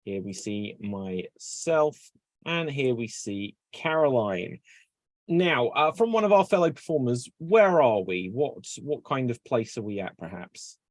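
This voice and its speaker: A man hosting an online improv comedy show, brisk and upbeat, calling on players over a video call. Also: mid-range voice, sing-song, no room sound. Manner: brisk, upbeat, auctioneer-like prompting. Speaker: improv host. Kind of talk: emceeing an online improv game.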